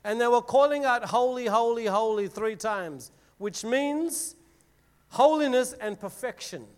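A man's voice: extremely high pitch, animated, measured pace, clean tone. A man giving a casual Bible teaching to a group, reading scripture dramatically and explaining it in plain words with fillers. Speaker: youth preacher.

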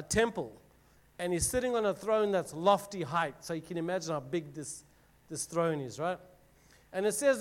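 A man leads a casual Bible lesson for a group, his voice pitched high. He reads the scripture aloud with drama, then breaks it down in everyday words, with plenty of "like" and "right?". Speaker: youth preacher. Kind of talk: Bible teaching talk to a group.

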